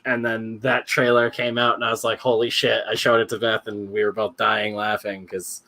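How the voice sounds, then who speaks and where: Low-voiced man riffing in casual chat. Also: bright, forceful tone. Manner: joking, rambling, quick to laugh. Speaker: podcast co-host.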